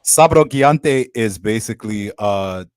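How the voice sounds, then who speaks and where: A man's voice: on the low side, lively intonation, moderate pace, a crowd in the background. A man co-hosting a podcast, teasing and a little hesitant in casual banter. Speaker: podcast co-host.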